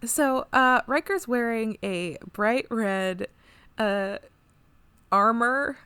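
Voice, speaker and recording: A woman's voice: a little high, drawn-out words, bright, forceful tone, clear, resonant tone, dry recording. A woman co-hosting a podcast, chatting casually through an episode recap, rambling, laughing often and swearing freely. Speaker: podcast co-host.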